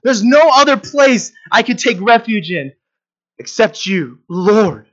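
A man's voice: sits high, sing-song, slow pace, a bit bright, muffled recording, pitched above the performer's own voice, heavily acted. A man voicing a desperate pleading woman. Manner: pleading, rising and emphatic. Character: desperate woman sinner pleading with her Lord.

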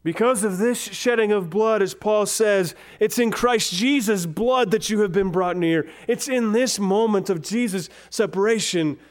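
Slow, dramatic male preacher. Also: sits high. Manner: slow, dramatic, dropping to a near whisper on key words. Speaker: pastor. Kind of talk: sermon.

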